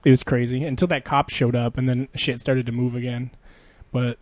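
Man, young adult, casual chat, swears constantly, laughs, warm low tone. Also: flat delivery, normal speed, no room sound. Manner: rambling, swears a lot, laughs often. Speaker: friend chatting.

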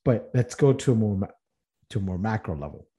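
Mellow-voiced man giving a motivational talk. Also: lowish voice, lively intonation, fairly quick. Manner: earnest, rhetorical questions, frequent restarts. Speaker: podcast host. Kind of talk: motivational podcast monologue.

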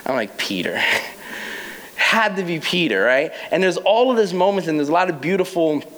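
A man's voice: high voice, lively intonation, normal speed, fairly bright tone, low-quality recording. A young adult man preaching a casual, playful sermon as pastor, acting out quoted voices with laughs.

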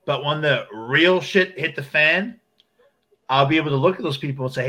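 A man co-hosting a casual chat, animated and acting out imagined voices as he argues. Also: a little high, moderate pace. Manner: animated, acts out voices in quotes.

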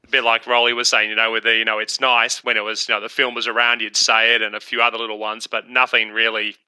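Bright, crisp man. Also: lowish voice, little pitch movement, dry recording. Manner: self-deprecating, halting with fillers. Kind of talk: casual chat.

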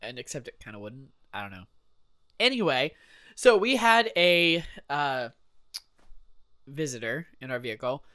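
A man in his thirties co-hosting a casual podcast, telling a story in an unhurried way and laughing easily. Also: mid-range voice, sing-song, sharp tone, no room sound. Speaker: podcast co-host. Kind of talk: casual chat.

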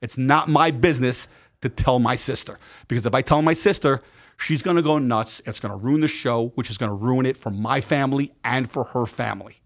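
Talking fairly quickly in a mid-range voice, a man on a podcast relates a story casually. He curses a lot and livens it up by performing the other characters' lines.

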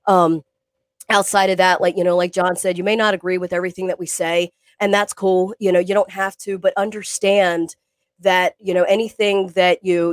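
A woman's voice: lowish voice, no room sound. Earnest rambling woman podcast co-host. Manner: rambling, earnest, many fillers and restarts. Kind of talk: casual podcast chat. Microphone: video call.

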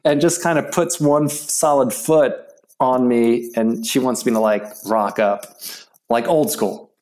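A middle-aged man speaks as an interview guest, telling a story in a halting, stop-start way. His voice sits at an ordinary pitch. He restarts his sentences often and fills the gaps with ums. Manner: halting, with many restarts and fillers, animated when quoting. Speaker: interview guest, yoga practitioner.

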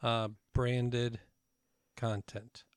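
A man co-hosting a casual podcast, relaxed and teasing, leading the segments. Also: mid-range voice, very slow, clean tone, no echo, studio quality. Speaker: podcast co-host. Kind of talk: casual chat.

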